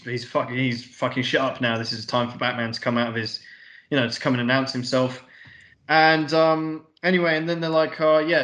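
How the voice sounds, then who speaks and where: Guy rambling thru a movie plot, mid-pitch voice, bit of room echo. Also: fairly bright tone. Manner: rambling retelling with offhand paraphrased dialogue and swearing. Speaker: podcast co-host. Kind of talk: casual film recap chat. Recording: roomy echo.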